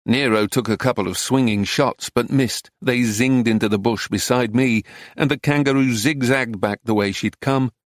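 A man reads a memoir aloud in a measured, even storytelling voice. His pitch sits in the middle for a man. The recording is dry and close, with no room around it. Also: no echo. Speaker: narrator. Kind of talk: audiobook narration of a memoir.

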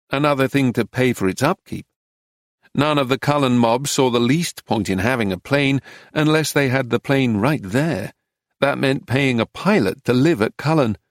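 A man reading a memoir-style audiobook in scripted narration, even and understated. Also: medium pitch, dry recording, studio quality.

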